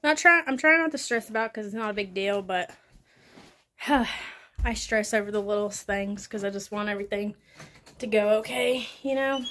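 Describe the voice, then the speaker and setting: A woman chatting casually to camera at home, rambling with soft laughs, a bit out of breath. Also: medium pitch, moderate pace. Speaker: vlogger. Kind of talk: casual home vlog chat. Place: home, indoors and outdoors.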